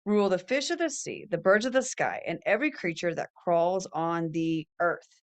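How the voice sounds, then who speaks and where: A woman's voice: fairly low pitch, big pitch swings, normal speed. A middle-aged woman hosting a faith-based podcast, talking earnestly and reading scripture aloud. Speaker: podcast host. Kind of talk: faith-based motivational talk.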